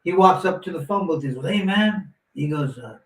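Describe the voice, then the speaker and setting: Talking fast in a fairly high voice, a fifty-something ex-boxer spins a long, casual tale. He keeps restarting and adding asides in an animated, rambling way, and the recording sounds roomy and distant with faint noise.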